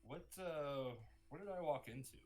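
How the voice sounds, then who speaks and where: A man playing a tabletop game, speaking softly and trailing off into rushed asides. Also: fairly high pitch. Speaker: player. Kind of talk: casual tabletop game play.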